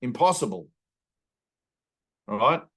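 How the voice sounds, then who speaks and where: A man's voice: mid-range voice, big pitch swings, slow pace, a bit bright, slightly rough. A man, a spiritual teacher giving a satsang talk over a video call, telling rambling stories and slipping into playful voices. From Australia.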